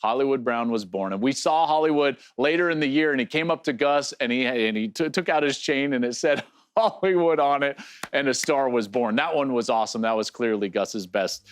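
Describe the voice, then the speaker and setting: A middle-aged man hosting a sports show, answering fan questions in a casual, animated way with fillers and restarts. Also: mid-range voice, fairly quick, smooth.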